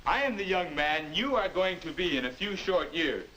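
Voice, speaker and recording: A man's voice: on the high side, very animated, moderate pace, bright, forceful tone, a little hiss or hum, low-quality recording. An actor playing an earnest grown-up man lecturing a teenager on table manners in a 1950s educational film. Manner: earnest, instructive, moralizing. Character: prim adult man lecturing a teen on manners.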